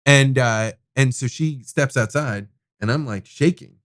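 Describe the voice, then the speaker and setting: A man's voice: medium pitch, unhurried, dry recording. Man, podcast host, casual storytelling, rambling, swears casually, dry close sound. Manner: rambling, animated, swears freely.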